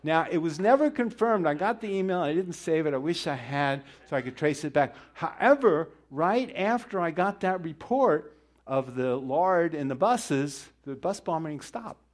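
A man's voice: on the high side, animated, moderate pace. Man, bible teacher, casual sermon, digressive, joking asides, rhetorical questions.

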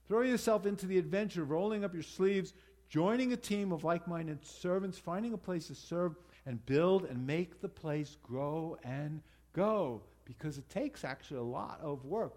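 A man leader delivering a conversational sermon to his congregation, pausing and restarting as he explains and applies a teaching. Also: fairly high pitch, a little mellow. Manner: conversational preaching with pauses and restarts.

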